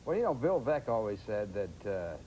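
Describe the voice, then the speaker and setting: A man hosting an interview, asking easygoing, halting questions. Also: fairly low pitch, very animated, mellow, slight background noise. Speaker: host. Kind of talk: casual interview.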